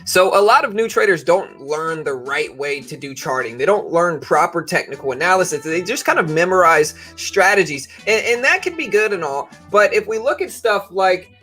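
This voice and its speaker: Bright-voiced young man, chatty. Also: high voice, animated, moderate pace, few pauses, soft background music. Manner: chatty, loose, many restarts and fillers. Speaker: trading streamer. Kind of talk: casual livestream chat.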